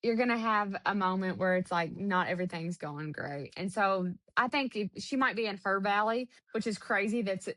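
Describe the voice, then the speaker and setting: A woman's voice: mid-range voice, normal speed, few pauses, a bit bright, no echo. A woman who is a former pro golfer, chatting casually and upbeat as a podcast guest. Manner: upbeat, chatty, laughs often.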